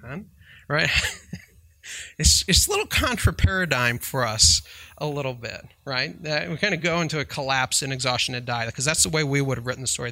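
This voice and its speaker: Speaking at a medium pitch with a sharp tone, a man who counsels from a Christian perspective delivers relaxed faith teaching. He keeps asking "right?" and laughs softly through his stories.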